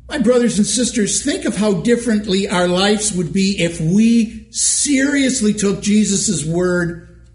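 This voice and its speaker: A male pastor preaching a sermon in a church, measured and emphatic, asking rhetorical questions. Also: high-pitched, darkish tone, echoey room.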